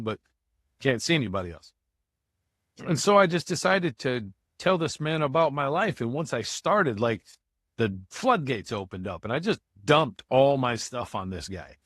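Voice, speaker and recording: A man's voice: medium pitch, a bit bright, no room sound. Guy from michigan telling his story on a podcast, candid, dry sound. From Michigan, USA. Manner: candid, conversational, says "man" often. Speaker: guest, motivational speaker. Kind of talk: storytelling interview.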